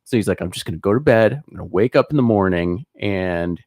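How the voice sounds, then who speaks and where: A young man co-hosting a podcast, telling stories in casual chat and acting out quotes in squeaky put-on voices. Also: fast, no echo. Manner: animated storyteller, acts out quotes in high voices, laughs often. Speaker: podcast co-host.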